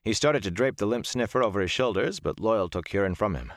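Male audiobook reader, low voice, steady storytelling, dry close sound. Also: brisk, no room sound. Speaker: audiobook narrator. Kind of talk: scripted narration.

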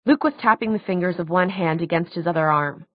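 A woman narrates an audiobook in a measured, even storytelling style. Her voice sits on the low side, and the dry recording has its highs cut off.

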